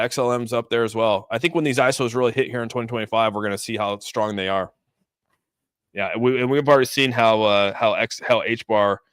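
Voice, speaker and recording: Smooth-voiced man, dry close sound. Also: medium pitch, a bit bright, dry recording. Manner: loose and chatty, many restarts, reads donor messages. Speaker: crypto streamer. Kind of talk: casual livestream chart commentary.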